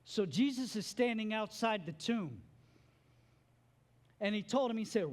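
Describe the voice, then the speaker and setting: A man preaching a sermon as pastor, animated, with playful joking asides. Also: high voice, a little slow.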